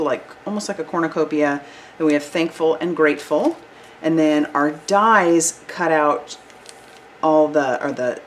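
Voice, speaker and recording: A woman with a low, deep-set voice talks through new crafting products in an upbeat, gushing vlog style. She chats casually and freely. A faint hum sits underneath the recording. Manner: bubbly, enthusiastic, chatty with fillers. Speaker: card-making channel host.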